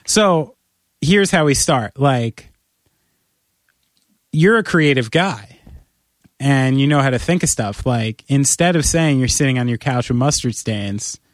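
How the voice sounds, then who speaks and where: A man co-hosting a podcast in casual chat, animated and playfully persuasive, talking in long run-on pitches. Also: a little slow, long pauses, dry recording, studio quality. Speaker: podcast co-host.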